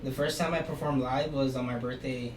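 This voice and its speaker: Young male guest, relaxed rambling storyteller, recorded off-mic in a roomy space with noise behind. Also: mid-range voice, a little fast. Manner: relaxed storytelling, many fillers like "you know" and "like". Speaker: podcast guest, aspiring musician. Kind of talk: casual conversation. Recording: echoey room, distant mic, background noise.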